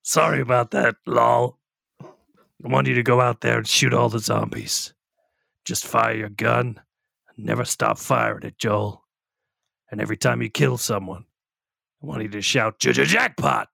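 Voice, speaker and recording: A man putting on a deep, gruff voice to read a crude letter in a mock-solemn, deadpan way. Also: a little slow, long pauses, no echo, clean studio sound, heavily acted.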